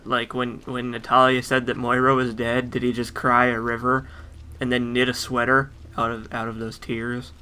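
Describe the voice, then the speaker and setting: A man's voice: mid-range voice, bright, forceful tone, slight background noise. A man giving casual let's play game commentary with wry, joking asides.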